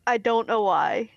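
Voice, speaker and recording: A woman's voice: on the high side, gravelly, dry recording. A woman with a Southern US accent chatting on a live stream, teasing and exasperated. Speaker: streaming guest. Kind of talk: casual chat on a live stream.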